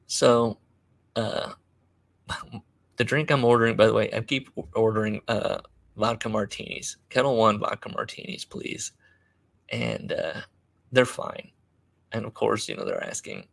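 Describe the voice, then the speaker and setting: A man hosting a podcast, telling a story in a wry, self-deprecating way with many halting fillers. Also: on the low side, steady tone, vocal fry, fairly bright tone, no room sound. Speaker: podcast host. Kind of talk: casual storytelling monologue.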